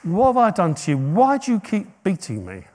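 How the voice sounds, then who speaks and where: Talking donkey, voiced by a preacher, plaintive, wounded, high, animated. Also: male voice, a little fast, exaggerated voice.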